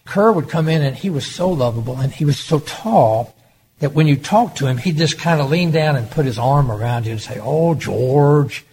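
A man's voice: on the high side, expressive, brisk, darkish tone, rough recording. Older guy telling old political stories, acts out the quotes, faint hiss behind him. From Oklahoma. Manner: anecdotal, acts out quoted dialogue. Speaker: former governor, interviewee. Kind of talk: storytelling interview.

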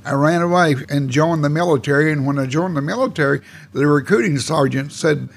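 An old man in his eighties, his voice gravelly and a little husky, and pitched fairly high for a man. He rambles through his life story in a folksy, plainspoken way, with the odd mild curse. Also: brisk. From Oklahoma. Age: 80s. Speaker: oral history interviewee. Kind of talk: casual storytelling reminiscence.

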